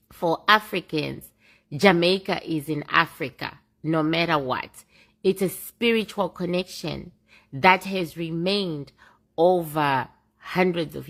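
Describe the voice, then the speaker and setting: A woman with a lowish, creaky voice muses aloud, stretching her words and letting her remarks trail off quietly. She co-hosts a casual reaction chat. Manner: musing, drawn-out, fading to quiet. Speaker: reaction video co-host.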